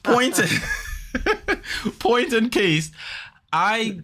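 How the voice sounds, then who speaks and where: Fast, rambling male podcast host. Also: mid-range voice. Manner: rambling, animated, fast with restarts and repeats. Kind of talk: casual storytelling chat.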